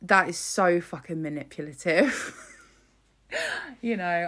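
A woman offers casual, opinionated commentary, blunt and scornful, swearing freely and filling pauses with "um." Her voice is lowish with a fairly bright tone.

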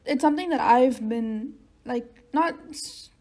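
A woman with an American accent who grew up in Nigeria, chatting as a podcast co-host in a halting way and quick to laugh. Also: a little high, a little mellow. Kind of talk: casual chat.

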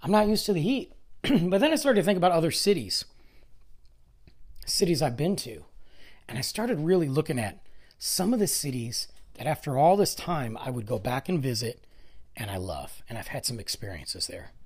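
A middle-aged man hosting a casual solo podcast, rambling conversationally with self-deprecating asides, his voice going hoarse. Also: mid-range voice, big pitch swings, normal speed. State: voice going hoarse, clearing throat. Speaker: podcast host. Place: lives in the Dallas area, Texas.

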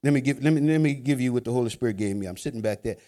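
A man preaching a sermon in a joking, conversational way, swinging from loud emphasis to hushed asides. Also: medium pitch, very fast.

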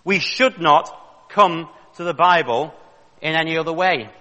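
A man's voice: a little high, unhurried, pushed and bright, long reverb tail, highs cut off. A man preaching a sermon with fervent, rising emphasis and pointed questions to the congregation.

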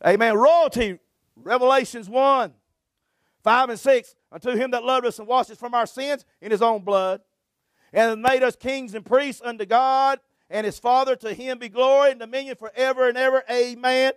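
A man's voice: very high voice, fairly even intonation, moderate pace, dry recording, studio quality. A man preaching a fervent sermon, punctuating his phrases with "amen" and short chuckles.

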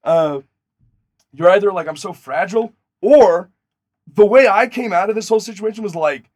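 Young guy on a podcast telling a crazy story, swears a lot, gets loud then mumbly, kinda high voice, dry sound. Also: normal speed, dry recording. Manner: animated, profane, swings from loud excitement to low mumbling. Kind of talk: casual storytelling chat.

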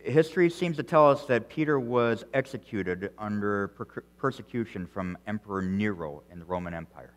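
A male pastor preaching an earnest sermon, repeating words as he goes and swinging between loud emphasis and quiet, soft phrases. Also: fairly low pitch, animated, normal speed, hardly any pauses, in a large hall. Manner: earnest preaching with frequent restarts and strong swings in loudness.

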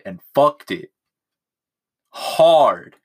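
Speaking very slowly in a mid-range, slightly rough voice, this young podcast host swings widely in pitch. He's alone at home in his room with a phone recorder, rambling casually, swearing a lot and joking about himself.

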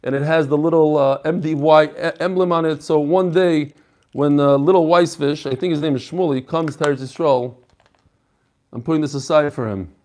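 Chatty higher-voiced male teacher. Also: steady tone, moderate pace, darkish tone. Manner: chatty, joking, reads messages aloud. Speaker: rabbi teaching a Talmud class. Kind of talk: casual lesson with reading of emails.

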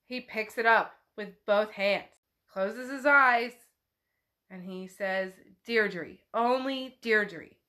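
A woman's voice: mid-range voice, slow, bright, forceful tone. A woman hosting a podcast, retelling and reading a novel in a chatty, casual way with swearing. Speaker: podcast host. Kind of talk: casual book recap and reading.

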